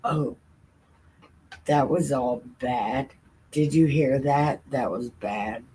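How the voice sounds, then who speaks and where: Woman, livestream host, low voice, very slow, laid-back and irreverent, reading scripture at home. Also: background noise. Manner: laid-back and irreverent, laughing, swearing casually.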